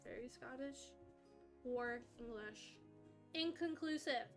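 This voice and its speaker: A woman's voice: sits high, slow pace, faint music behind. A woman streamer chatting casually on a live stream, rambling, laughing often and cutting herself off mid-sentence.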